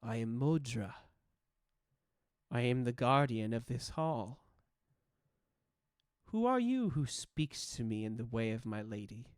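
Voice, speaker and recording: An ancient guardian spirit in the form of a bear, grave and solemn, with a low, growling, grandmotherly voice, voiced by a man. She speaks slowly and formally in a tabletop game. The sound is dry and close. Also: lively intonation, clear, resonant tone, no echo.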